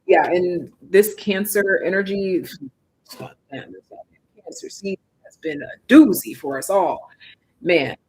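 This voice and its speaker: A tarot reader on a live stream, talking lively and sassy straight to viewers and calling them baby and darling, jumping between high and low. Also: slightly rough, poor audio.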